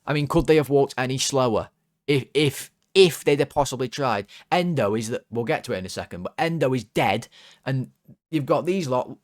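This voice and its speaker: A man's voice: mid-range voice, animated, normal speed, dry recording, studio quality. A young man from England hosting a football fan channel, ranting in an exasperated, sarcastic, rambling way with many restarts. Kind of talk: ranting football video commentary.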